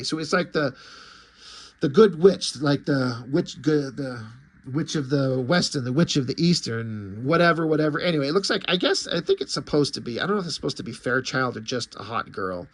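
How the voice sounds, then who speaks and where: A man reviewing a comic in a casual vlog, ranting in disbelief and swearing freely. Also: mid-range voice. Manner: incredulous, profane ranting.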